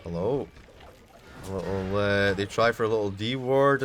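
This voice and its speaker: A Scottish man commentating on a live esports match, chatty between plays and shouting with excitement when a fight breaks out. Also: fairly low pitch, moderate pace. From Scotland. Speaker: esports caster.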